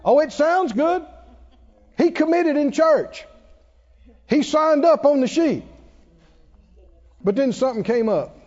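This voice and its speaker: A male pastor preaches with call-and-response, his high voice rising and falling animatedly. He speaks slowly and deliberately. A dull, lo-fi recording adds a long hall echo. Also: lively intonation, darkish tone. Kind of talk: sermon.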